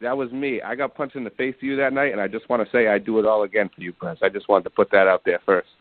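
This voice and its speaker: A man calling in to a radio show, an eager fan who talks loudly. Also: on the low side, fairly even intonation, fast talker, no room sound. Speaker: caller. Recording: tinny phone line.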